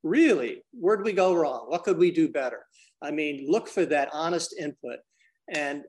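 A man as a podcast guest, explaining business ideas energetically and acting out little dialogues. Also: on the high side. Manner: energetic, acts out dialogues in different voices; addresses the host by name often. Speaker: business consultant and trainer.

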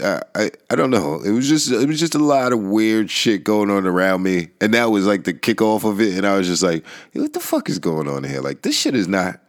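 A young man hosts a casual solo talk. He rambles and restarts often, laughs between thoughts, and swears freely. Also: sits low. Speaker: podcast host. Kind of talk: casual monologue.

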